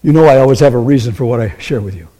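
A man's voice: medium pitch, very fast, mellow. A man preaching a sermon as pastor, acting out quoted voices and asking the congregation questions.

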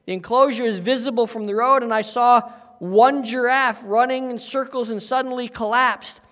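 A male pastor reading the part of an anxious young man who is fleeing a crime scene, breathless and rushed. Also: very high voice, fairly even intonation, a bit bright. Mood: urgent. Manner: breathless, talks in a rush. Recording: echoey hall.

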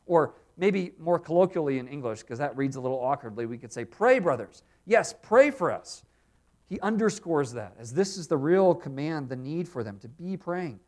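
A male pastor preaching an earnest expository sermon, dropping quiet when voicing prayers. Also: on the high side, animated, fairly quick, few pauses.

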